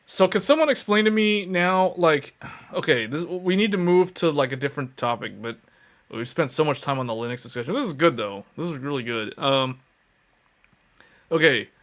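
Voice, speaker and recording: A man's voice: fairly high pitch, expressive, normal speed, a bit bright. A man hosting a casual tech show, chatting animatedly with lots of fillers and exasperated outbursts, sometimes murmuring chat comments aloud.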